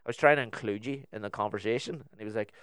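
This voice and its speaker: A man's voice: on the low side, rapid-fire, fairly bright tone, smooth, no echo, studio quality. A young man with a Northern Irish accent, telling a story in casual chat on a podcast and acting out both sides of the conversation.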